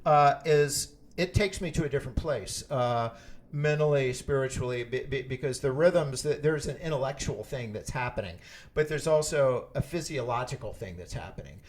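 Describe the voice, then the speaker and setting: An older man runs a lively percussion workshop, explaining rhythm ideas in a loose, chatty way. He stops and restarts his sentences often, with plenty of fillers between thoughts. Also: mid-range voice, normal speed. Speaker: percussion teacher. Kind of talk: interactive music workshop.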